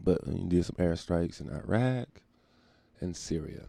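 A man hosting a solo podcast and ranting casually, profane and animated, laughing often while recording at home. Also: sits low, measured pace, gravelly, no echo. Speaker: podcast host.

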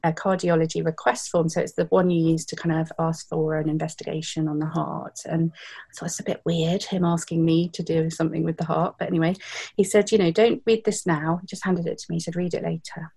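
Warm, low-voiced British woman. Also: flat delivery, fairly quick, creaky, slightly rough. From Britain. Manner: reflective, heartfelt, with frequent fillers. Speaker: guest. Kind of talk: candid interview storytelling.

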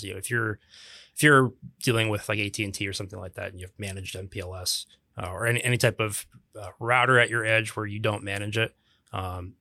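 A man's voice: lowish voice, bright, forceful tone, dry recording. A man co-hosting a podcast, explaining technical topics in a casual, chatty way, with dry jokes and many restarts. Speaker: podcast co-host.

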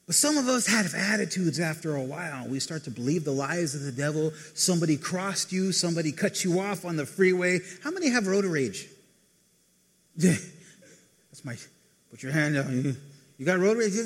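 A man preaching a casual sermon, talking conversationally to the congregation and acting out people's lines in quick asides. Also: sits high. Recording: reverberant hall.

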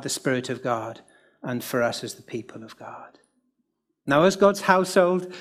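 This sermon comes from a middle-aged British man of medium pitch. His tone is gentle and pastoral, lightened by one humorous aside.

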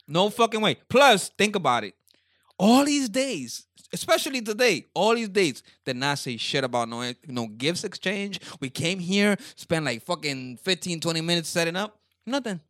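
A man co-hosting a podcast in casual banter, protesting loudly, swearing and laughing often. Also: high-pitched, dry recording, clean studio sound. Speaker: podcast co-host.

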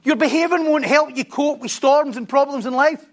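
A man preaching a sermon, telling a story with animated repetition and stumbling restarts. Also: extremely high pitch, normal speed.

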